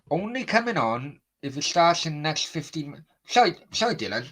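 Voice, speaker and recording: A man's voice: fairly high pitch, fairly bright tone, breathy edge. A man hosting a football watchalong stream, chatting bluntly and swearing as he answers his chat. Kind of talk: casual live-stream chat.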